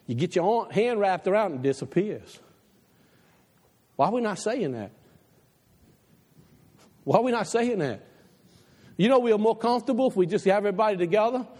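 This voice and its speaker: A male pastor delivers an impassioned sermon, his voice swinging widely from low, hushed asides to soaring high exhortations. The reverb of a big church hall hangs behind every line. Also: animated, normal speed, pauses often. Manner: impassioned preaching, drops low for quoted advice. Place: church sanctuary.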